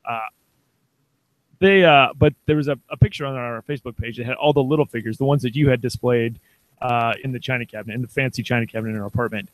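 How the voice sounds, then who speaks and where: A man's voice: mid-range voice, quick pace, poor audio. A man in his thirties co-hosting a podcast, rambling casually with laughs and self-deprecating asides. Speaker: podcast co-host. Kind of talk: casual chat.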